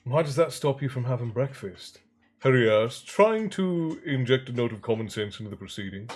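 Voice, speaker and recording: A man's voice: mid-range voice, lively intonation, normal speed. A man hosting a livestream, chatting in a rambling, friendly way with viewers between stretches of reading aloud. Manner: rambling, chatty, greets viewers warmly by name. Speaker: livestream storyteller and host. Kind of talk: casual livestream chat and book reading.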